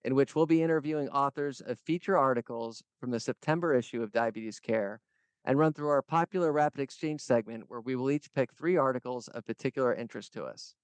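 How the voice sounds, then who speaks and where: A man co-hosting a podcast with a smooth, clear voice and a dry, wry sense of humor. His pitch sits in the middle range. He is recorded close up with no room echo. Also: fairly quick. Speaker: podcast co-host. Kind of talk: podcast intro and banter.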